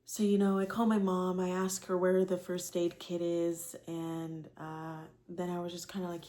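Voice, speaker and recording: A woman's voice: on the low side, little pitch movement, moderate pace, few pauses, dark tone. A woman in her twenties frankly telling a rambling personal story to camera, with many fillers and casual swearing. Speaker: vlogger.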